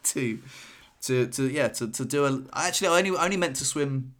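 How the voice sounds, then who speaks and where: A man co-hosting a podcast, telling a story in a rambling way, with many restarts and lively quoted asides. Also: mid-range voice, fairly quick. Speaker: podcast co-host. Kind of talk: casual podcast chat.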